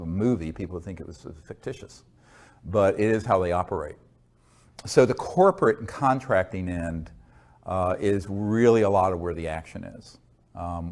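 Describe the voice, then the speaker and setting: Low-voiced man, measured earnest guest. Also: darkish tone. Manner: measured, hesitant with frequent fillers. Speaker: interview guest. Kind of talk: earnest conversational storytelling.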